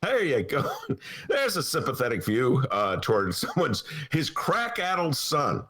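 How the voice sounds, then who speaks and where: A male podcast host in a studio, talking politics casually in a wry, animated way full of asides. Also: medium pitch, unhurried. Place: radio studio.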